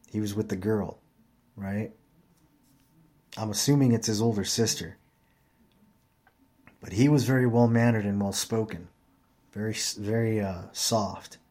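A man's voice: on the low side, dark tone. Tired man telling a profane story. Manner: profane, rambling, plainspoken. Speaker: vlogger. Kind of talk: casual storytelling monologue.

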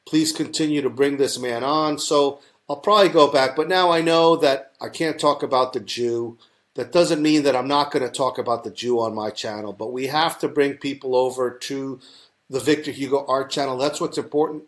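A man's voice: medium pitch, moderate pace. A man with a New York accent, a talk-show guest who rambles with many fillers and restarts. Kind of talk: casual talk-show conversation.

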